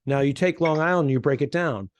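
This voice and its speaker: A man's voice: on the high side, brisk, no room sound. A man co-hosting a comedy podcast, telling rambling, digressive stories in casual chat. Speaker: podcast co-host.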